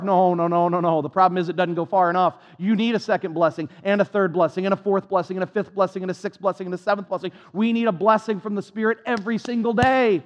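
High-ish male pastor preaching, fired up and repeating himself, jokes on himself, muffled lo-fi audio. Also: fast, few pauses, big-room sound. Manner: impassioned, repetitive, self-deprecating. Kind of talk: sermon. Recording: dull lo-fi.

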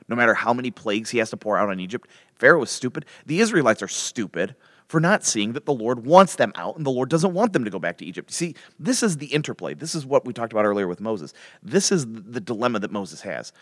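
A man's voice: on the low side, fairly bright tone, no room sound, clean studio sound. A man preaching a casual, emphatic Bible teaching, full of restarts and rhetorical questions. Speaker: pastor.

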